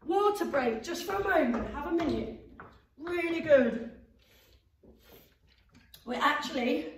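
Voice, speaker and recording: A woman's voice: sits high, unhurried, pauses often, a little hiss or hum. A woman teaching a live tap dance class, calling out steps in a sing-song count and praising students by name. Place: dance studio. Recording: echoey room, distant mic, loud music.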